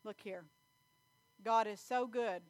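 Woman preacher, higher voice, dry sound; folksy sermon mixing family stories and scripture. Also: slow pace, no room sound. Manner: folksy storytelling with Bible reading, laughs often.

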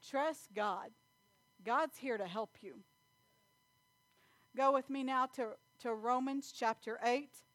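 A woman's voice: a little high, slow pace, long pauses, dry recording. Woman preaching a story-filled sermon. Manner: animated storytelling, acting out scenes with loud bursts.

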